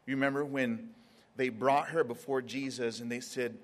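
A man preaching a sermon, drawing words out with dramatic pauses and acting out scenes in quoted voices. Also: mid-range voice, steady tone, in a large hall.

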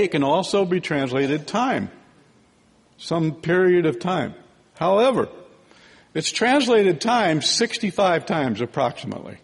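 Male preacher, conversational Bible teacher, gravelly husky voice, pitched a bit high, big reverberant hall. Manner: conversational, digressive Bible teaching with frequent "right?" and "okay?". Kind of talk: sermon.

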